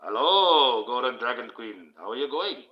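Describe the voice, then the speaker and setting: A man's voice: mid-range voice, big pitch swings, normal speed, dull audio. A man delivering a preachy livestream monologue in a put-on, declaiming voice.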